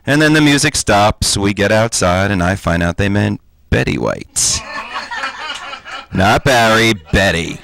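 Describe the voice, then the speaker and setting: A man's voice: fairly low pitch, sing-song, measured pace, vocal fry, fairly bright tone. A man in his forties doing a stand-up comedy set on stage, with punchy, self-mocking delivery. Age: 40s. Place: stage before a live audience.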